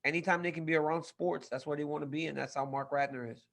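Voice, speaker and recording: A man's voice: fairly high pitch, fairly even intonation, fast, gravelly, a bit bright. A man co-hosting a casual sports podcast, enthusiastic and repeating phrases for emphasis. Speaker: podcast co-host.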